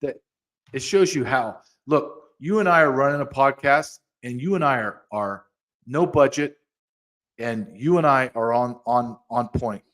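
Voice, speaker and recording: A man's voice: mid-range voice, measured pace, a bit bright. A man hosting a podcast, ranting angrily in heated commentary, with frequent restarts and repeated words. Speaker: podcast host.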